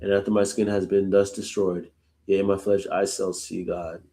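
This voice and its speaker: A man's voice: deep voice, little pitch movement, moderate pace, mellow. A man hosting a live Bible study, reading verses aloud and then reflecting on them in a casual, conversational way. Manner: uses casual "y'all" asides. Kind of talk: live scripture reading with commentary.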